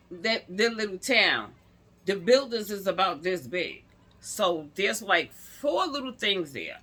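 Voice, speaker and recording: A woman's voice: medium pitch, fairly bright tone, breathy edge. A woman vlogger telling a story in a casual, chatty way, acting out the people she quotes and often speaking straight to her viewers. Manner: chatty, keeps addressing viewers directly.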